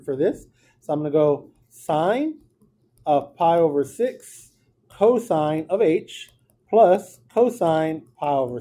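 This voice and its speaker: In a classroom, a man with a fairly high, mellow voice teaches a math lesson as a lecture, walking through each step casually.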